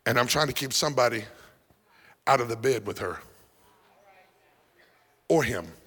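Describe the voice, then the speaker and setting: A male pastor preaching a sermon, breaking into shouts and sung phrases, then dropping to a hush. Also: medium pitch, lively intonation, a little slow, slightly rough, long reverb tail. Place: church sanctuary.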